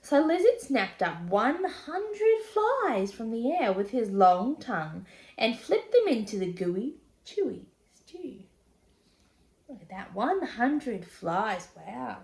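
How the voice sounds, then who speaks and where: A woman reading a children's picture book aloud, with expressive, chatty asides to young listeners. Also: on the high side, takes it slowly, roomy sound. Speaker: storybook reader.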